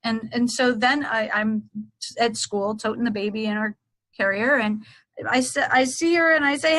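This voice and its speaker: Middle-aged lady guest telling a story, kinda high voice, acts out the back-and-forth. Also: normal speed, low-quality recording. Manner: animated, acts out past dialogue. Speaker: Reiki teacher and author, guest. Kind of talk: casual storytelling interview.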